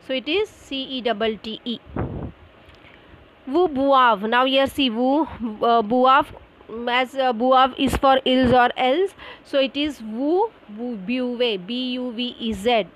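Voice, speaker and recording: A woman teaching an online French class, explaining slowly with many fillers and spelling words out letter by letter. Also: high-pitched, fairly bright tone, rough recording.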